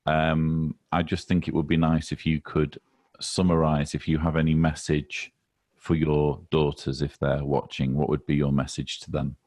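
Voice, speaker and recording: Very deep-voiced male interviewer. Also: flat delivery, moderate pace, darkish tone, no room sound, clean studio sound. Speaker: interview host. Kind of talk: interview conversation.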